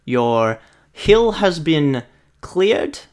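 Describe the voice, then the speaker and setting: A man's voice: fairly high pitch, big pitch swings, very slow, heavily acted. A man playing a blunt, intimidating male half-orc mercenary who haggles firmly over pay in a tabletop role-play. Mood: sly. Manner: firm, bargaining, threatening undertone. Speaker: player.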